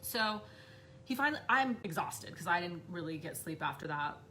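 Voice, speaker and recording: A woman's voice: fairly low pitch, expressive, normal speed, pushed and bright, a little hiss or hum. A woman in her thirties casually telling a personal story on a live stream, full of "like" and swearing. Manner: chatty, swears freely, fillers like "like" and "right". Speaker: live stream host, spiritual medium.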